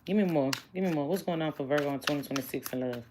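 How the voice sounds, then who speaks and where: A woman's voice: sits low, rapid-fire, noisy background. A chatty woman doing a casual tarot reading, blunt and joking with her viewers. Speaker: tarot reader.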